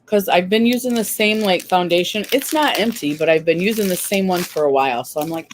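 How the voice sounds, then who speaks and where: A woman's voice: on the low side, brisk, few pauses, noisy background. A fifty-year-old woman chatting casually and rambling as she does her makeup on camera. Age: 50s. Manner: rambling, chatty, laughs often. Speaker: makeup vlogger. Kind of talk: casual chat while doing makeup.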